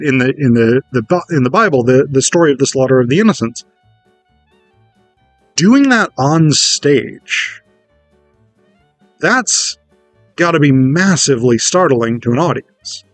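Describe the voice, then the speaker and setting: A man giving a casual, animated lecture on theatre, chatty and casually profane. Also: fairly high pitch, dry recording. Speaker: theatre educator.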